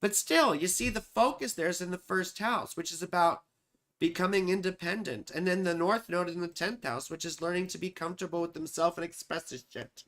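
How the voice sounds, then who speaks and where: A hoarse man hosting an astrology livestream, chatting casually with viewers and reading out their comments in a rambling, profane way. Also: high-pitched, brisk, a bit bright. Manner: rambling, profane, sings snatches between remarks.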